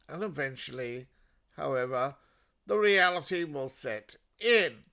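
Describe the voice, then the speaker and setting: An Australian man hosting a solo commentary with a bright, forceful tone. He talks slowly and sarcastically, and his voice swings widely in pitch as he mocks and rants. His voice sits a little high for a man. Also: creaky. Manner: sarcastic, mocking, ranting. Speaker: political commentary host. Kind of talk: solo political commentary monologue.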